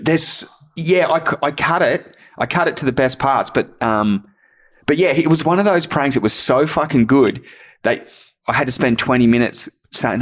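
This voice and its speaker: A man's voice: mid-range voice, expressive, moderate pace. A man, a podcast guest, telling a prank story in casual chat, swearing often and laughing at his own tale. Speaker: guest, bodyboarder.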